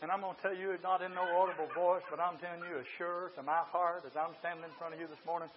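A man preaching a sermon in church, swinging from shouting to quiet confiding talk. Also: fairly high pitch, fairly even intonation, fast talker, dull audio, noisy background. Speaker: pastor.

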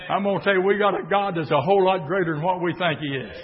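A male preacher delivering a sermon in a church, building from steady talk into shouted bursts. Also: high-pitched, fast. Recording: dull recording in a reverberant church.

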